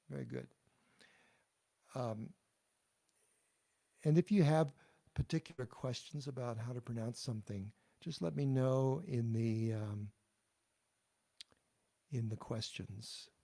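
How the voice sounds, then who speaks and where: A man teaching pronunciation with patience, his speech slow and halting. His voice is mellow and low-key. He stops and restarts often as he explains. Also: vocal fry. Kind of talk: pronunciation and chanting lesson.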